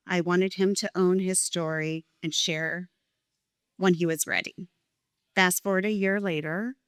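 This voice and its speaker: A woman's voice: fairly low pitch, smooth, dry recording, clean studio sound. A middle-aged woman telling a heartfelt personal story at a live event, reading from her pages and openly emotional.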